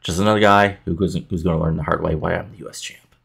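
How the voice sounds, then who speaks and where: A man's voice: low-pitched, steady tone, fast talker, gravelly, fairly bright tone, husky, full character voice. A man voicing a proud, dismissive male wrestling champion in a game playthrough. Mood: defiant. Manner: dismissive, defiant.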